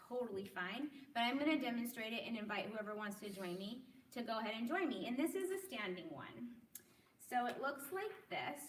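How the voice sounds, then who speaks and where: Bright-voiced woman leading a group class. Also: on the high side, a little hiss or hum. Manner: encouraging, demonstrates loud shouts. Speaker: workshop leader. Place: room with a group. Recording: echoey room, from far off.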